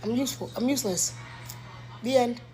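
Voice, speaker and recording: Young woman, high-pitched, blunt, emphatic, repeats herself, candid monologue at home. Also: a little fast, mellow, faint music behind. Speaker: content creator.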